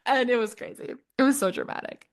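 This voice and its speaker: A young woman co-hosting a podcast, telling a story in animated, casual chat and laughing often. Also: fairly high pitch, fast talker. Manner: animated, laughs often, quotes people in playful voices. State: tired and shaken. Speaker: podcast co-host.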